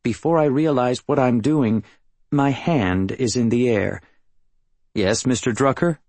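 A man reading a first-person novel as an audiobook narrator, measured and matter-of-fact, close to the mic. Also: mid-range voice, lively intonation, mellow, no room sound.

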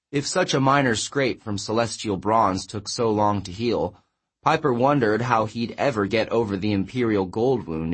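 Male audiobook narrator, low and husky, even, measured read. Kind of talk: scripted narration.

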